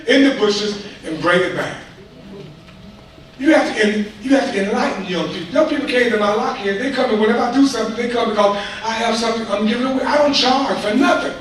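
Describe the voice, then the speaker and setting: A man giving an impassioned, preachy public comment to a school board, repeating himself in colloquial speech. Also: sits high. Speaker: community speaker addressing a school board. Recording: echoey hall from far off, faint noise.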